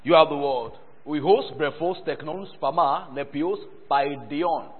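A man's voice: on the high side, measured pace, breathy edge. A man preaching a sermon and teaching a Bible word study, calling on the congregation for responses and breaking into mocking, laughing asides. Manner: animated, calls for congregation responses. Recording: echoey hall over a tinny phone-like line.

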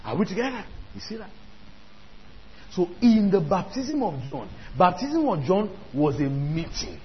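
A man's voice: sits high, sing-song, unhurried, husky. A man preaching a sermon, emphatic, repeating lines and putting questions to his listeners. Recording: dull lo-fi sound with faint ambience.

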